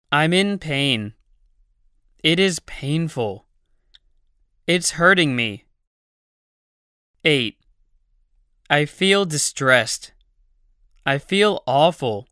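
Brief: language-course narrator, very slow, bright and crisp, dry studio sound, deliberate drill reading. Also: medium pitch, no room sound. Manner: deliberate, evenly paced reading of numbered phrases. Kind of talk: slow scripted phrase drill.

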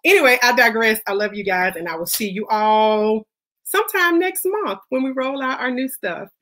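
A woman's voice: a little high, lively intonation, moderate pace, a bit bright. Impassioned woman hosting a faith talk. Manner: impassioned, preachy, blunt. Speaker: host. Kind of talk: casual faith-based monologue.

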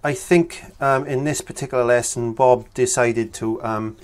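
A man's voice: medium pitch, fairly even intonation, moderate pace, clear, resonant tone. A man teaching a painting tutorial, chatting casually and thinking aloud as he works. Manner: chatty, thinks aloud with fillers while working. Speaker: painting instructor.

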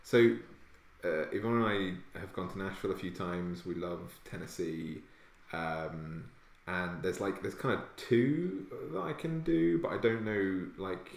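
Posh english guy chatting on an art stream, laughs a lot, deep voice. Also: measured pace, gravelly, reverberant. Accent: posh southern English. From Hampshire, England. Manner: chatty, self-mocking, laughs often. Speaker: fantasy artist streaming live. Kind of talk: casual chat while drawing.

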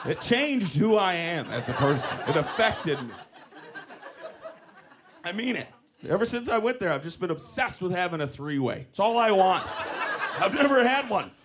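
A man doing live stand-up comedy on a club stage, telling an animated story with running callbacks. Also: sits high, moderate pace, pauses often, background noise. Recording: live club recording with audience laughter.

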